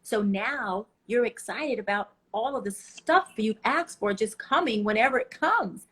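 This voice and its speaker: A woman's voice: on the high side, unhurried, breathy edge. A woman guest giving passionate motivational advice in an interview, telling stories with feeling. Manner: passionate, preachy, animated storytelling. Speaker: life coach guest.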